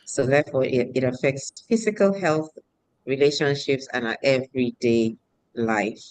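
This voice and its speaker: A woman panelist answering a question in a measured, explanatory way. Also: extremely low pitch, a little mellow, no echo, rough recording.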